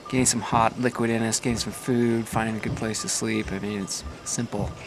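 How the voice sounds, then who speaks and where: A man's voice: lowish voice, flat delivery, a little fast, low-quality recording. A man on a mountain trek, musing plainly in a travel vlog, outdoors. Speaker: trekker.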